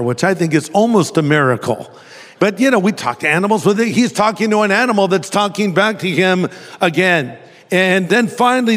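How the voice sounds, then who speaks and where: A man's voice: on the high side, in a large hall. A man preaching a sermon, telling a story with humor and acting out the voices. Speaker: pastor.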